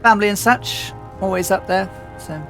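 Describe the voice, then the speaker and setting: A man's voice: high voice, fairly even intonation, moderate pace, gravelly, a bit bright, soft background music. A man from England, chatting casually as a livestream host, rambling with lots of fillers and restarts. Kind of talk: casual chat.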